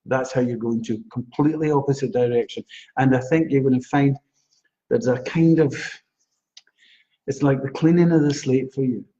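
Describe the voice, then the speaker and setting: A psychic astrologer chats his way through live-stream readings at normal speed, his dark, mellow voice reassuring and full of laughter. The recording sounds dull and lo-fi.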